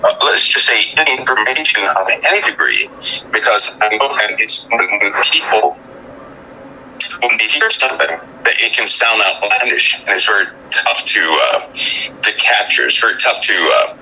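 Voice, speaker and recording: Halting low-voiced man on a cell phone. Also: animated, pushed and bright, faint music behind, low-quality recording. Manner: halting, many restarts and repeated words. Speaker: guest. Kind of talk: call-in interview.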